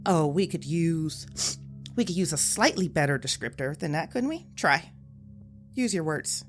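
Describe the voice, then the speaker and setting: A woman's voice: low voice, expressive, a little slow, soft background music. A woman playing an anxious suburban housewife who pleads with her husband and speaks with forced sweetness to her children. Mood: sweetly patient.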